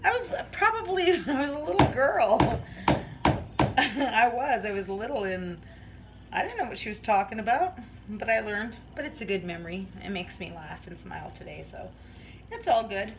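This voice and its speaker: A woman's voice: a little high, animated, moderate pace, a little hiss or hum, rough recording. A woman vlogging as she bakes in her home kitchen, chatting in a rambling way and laughing often. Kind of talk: casual chat while baking.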